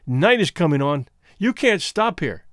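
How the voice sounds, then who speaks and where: A man's voice: fairly high pitch, big pitch swings, a little slow, a bit bright, no echo, studio quality. A man reading aloud voices a distressed, frightened woman in a storybook, pleading and agitated in a raised voice.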